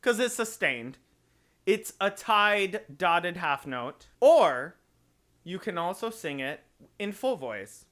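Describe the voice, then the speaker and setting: A man teaching voice, slowly explaining notes and phrasing in a lesson. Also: high voice, animated, fairly bright tone. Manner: explains slowly, sings short examples.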